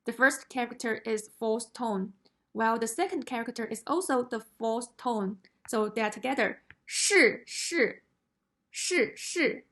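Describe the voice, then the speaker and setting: A woman's voice: on the high side, steady tone, moderate pace. A woman whose first language is Chinese, teaching a language lesson, explaining carefully and demonstrating tones aloud.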